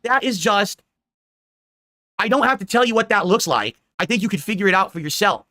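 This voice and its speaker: A man hosts a live commentary stream in a high, bright voice and talks at a fast clip. He sounds indignant and rambles, checking in with "all right?" again and again. The sound is close and dry. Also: animated, no room sound.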